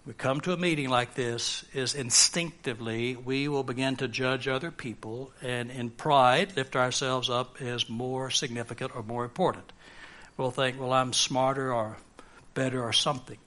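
A man's voice: mid-range voice, pushed and bright. A man preaching a sermon on humility, earnest and rising to emphatic peaks. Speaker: pastor.

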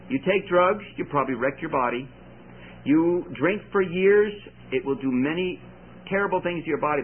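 A man preaching a sermon, telling stories with lively delivery and sudden shouted quotes. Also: a little high, husky. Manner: animated storytelling with shouted quotes. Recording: tinny phone-like recording with faint hiss.

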